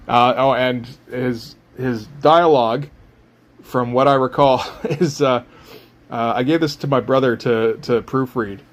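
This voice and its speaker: A man's voice: medium pitch, steady tone, unhurried. A man talking casually about his comic art as he draws, rambling and self-mocking with frequent chuckles. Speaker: comic artist. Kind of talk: casual drawing commentary.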